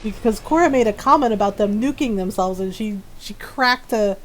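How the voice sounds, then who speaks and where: A woman's voice: medium pitch, moderate pace. A woman chatting casually while live-streaming a game, full of fillers and laughs.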